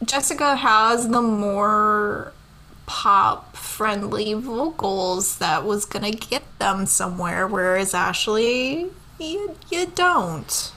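A woman's voice: medium pitch, slow pace, pushed and bright, a little hiss or hum, poor audio. A woman co-hosting a casual chat, blunt, swearing freely and laughing often.

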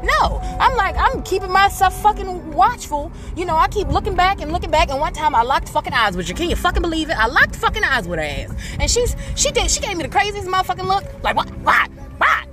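A woman's voice: extremely high pitch, sing-song, quick pace, few pauses, over music. A woman hosting a casual solo podcast, ranting bluntly and swearing as she tells stories. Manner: profane, blunt, ranting storyteller. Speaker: podcast host.

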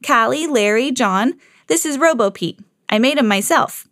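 A woman's voice: on the high side, animated, normal speed, a bit bright, dry recording, pitched above the performer's own voice. An eager young cat , voiced by a woman reading aloud, chirps in a raised, bouncy voice. The sound is close and dry, like a reading at home. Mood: friendly.

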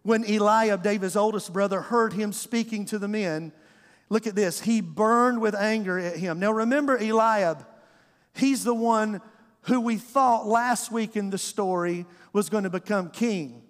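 A man's voice: sits high, a little slow. A male pastor, preaching a storytelling sermon to his congregation and acting out the voices. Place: church sanctuary. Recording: long hall reverb.

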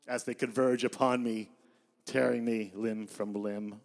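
A man in his fifties giving a live poetry reading in a bar, with deadpan, self-mocking storytelling. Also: mid-range voice, unhurried, creaky. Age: 50s. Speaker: poet.

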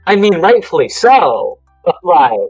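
Slow, wry woman. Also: fairly low pitch, big pitch swings, a little mellow, breathy edge, faint music behind, low-quality recording. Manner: wry, teasing. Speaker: podcast co-host. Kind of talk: casual chat.

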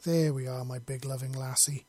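A man voicing a tender, steady husband in an audio story, speaking gently and earnestly. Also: medium pitch, normal speed, dry recording, lightly acted.

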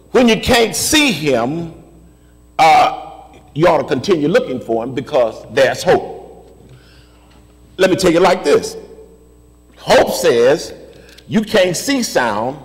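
A man preaching a sermon, repeating his phrases in a steady rhythm and building up to shouted refrains. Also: a little high, in a large hall, rough recording. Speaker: pastor.

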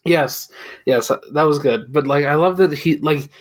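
Male co-host, slightly high voice, agreeable and halting in casual chat. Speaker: podcast co-host.

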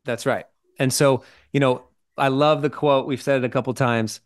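A man's voice: mid-range voice, fairly even intonation, normal speed. A man co-hosting a podcast, explaining ideas in casual chat and checking in with "right?" and "okay?". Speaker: podcast co-host.

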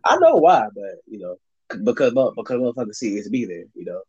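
A man's voice: fairly low pitch, big pitch swings, quick pace, warm tone, slightly rough, muffled recording. A young man telling a rambling, profane story in casual chat on a call, heavy with fillers.

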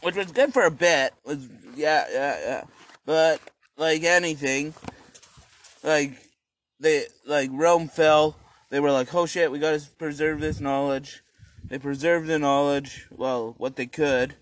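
A man telling history as a rambling, profane comic monologue, acting out quoted voices with sudden high shouts. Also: unhurried, no room sound.

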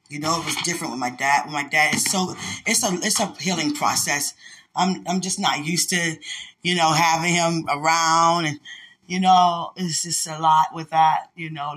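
A woman's voice: low voice, fairly bright tone, husky. A woman host giving a casual, heartfelt podcast monologue, candid and rambling, laughing often as she talks to a loved one. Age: adult with a son.

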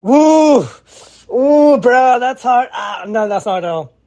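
A young man with a notably high-pitched voice chats on a casual podcast as co-host. He rambles excitably, full of slang, and keeps restarting his sentences. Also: slow pace, gravelly, no room sound. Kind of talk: casual chat.

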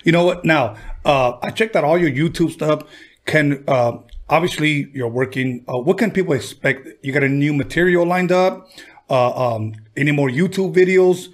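A man's voice: on the high side, moderate pace. A man hosting a casual interview, asking hesitant questions and affirming often. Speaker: interviewer host.

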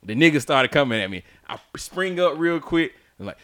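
A man on a casual podcast telling a long personal story, swearing freely, laughing through it and acting out his own shouts. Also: a little high, sing-song, moderate pace. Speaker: podcast co-host.

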